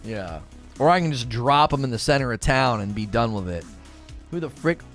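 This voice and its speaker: A man's voice: medium pitch, expressive, normal speed, a bit bright, faint music behind. A young man streaming a game, talking casually, reading chat and laughing often at his own jokes. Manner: chatty, laughs often, mocking jokey asides.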